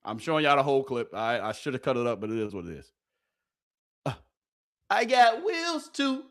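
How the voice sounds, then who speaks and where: A man's voice: medium pitch, expressive, quick pace, fairly bright tone. Hyped man commentating football clips. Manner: hyped, chatty, laughing, slangy. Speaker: sports video host. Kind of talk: casual live commentary over game clips.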